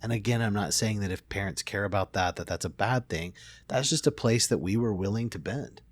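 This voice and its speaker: A middle-aged man, a therapist, telling a family story in a relaxed conversation, reflective and full of restarts. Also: lowish voice, a little fast, no room sound. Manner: reflective, many restarts and fillers. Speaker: therapist and podcast host.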